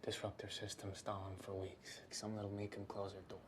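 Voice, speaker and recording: An actor playing an awkward young male hacker who talks quickly and fumbles his words. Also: mid-range voice, a little hiss or hum, close to an everyday voice. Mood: scheming. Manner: quick, fumbling, restarts under pressure. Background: film score.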